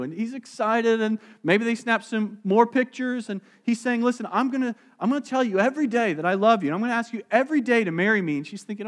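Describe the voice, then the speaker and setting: A male pastor preaching a sermon, acting out the voices in his stories and dropping soft and slow on key phrases. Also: extremely high pitch. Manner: animated storytelling, acting out quoted voices.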